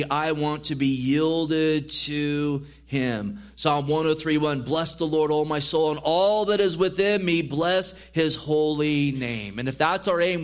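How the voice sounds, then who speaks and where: A man preaching a sermon in a church as pastor, reading scripture aloud and pressing his points with earnest emphasis. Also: on the high side.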